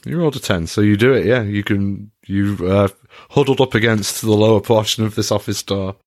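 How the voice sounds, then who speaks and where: A man's voice: lowish voice, fairly quick, a little mellow, no room sound. Wry male game master, dry sound. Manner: wry, wordy storytelling. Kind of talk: narrating a tabletop game.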